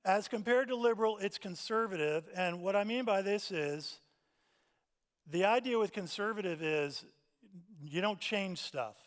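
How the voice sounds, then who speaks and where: A man teaching a Bible class at church, animated and playful, acting out the quoted voices. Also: sits high, measured pace. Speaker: pastor. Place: church sanctuary. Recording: long hall reverb.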